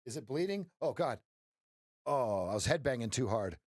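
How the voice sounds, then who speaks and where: A man's voice: mid-range voice, expressive, normal speed. A man coaching viewers through trades on a live stream, playful and jokey, breaking into sound effects. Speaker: trading coach. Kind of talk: live-stream trading commentary.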